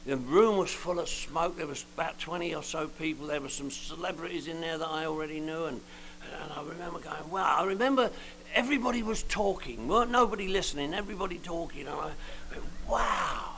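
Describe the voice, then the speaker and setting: A man's voice: a little high, fast, fairly bright tone, slight background noise, rough recording. An older man giving a joking, colloquial personal testimony at a recovery meeting. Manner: joking, colloquial storyteller with slangy asides.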